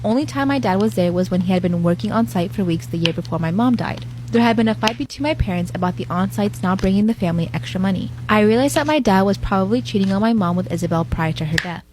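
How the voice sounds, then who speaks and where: A woman reading out a personal forum story in a flat, quick recital. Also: medium pitch, noisy background. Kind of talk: rapid scripted narration.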